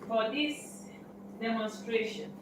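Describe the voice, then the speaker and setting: A woman's voice: on the high side, very animated, slow pace, reverberant, background noise. A woman hosting a live cooking demonstration in a kitchen, chatting to viewers as she explains each step. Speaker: cooking show host.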